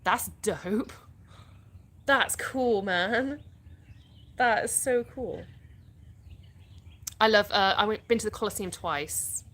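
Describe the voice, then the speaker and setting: A woman's voice: mid-range voice, slow pace, long pauses, fairly bright tone. An English woman hosting a casual live stream, reading viewers' questions aloud and answering them chattily. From England (born in the US). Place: outdoors in the sun.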